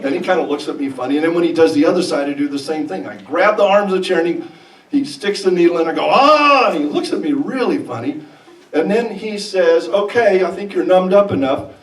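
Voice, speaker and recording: A man telling a comic personal story live on stage, animated and laughing along. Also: a little high, fast. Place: stage in a performance hall. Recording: echoey hall, distant mic, audience. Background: audience laughter.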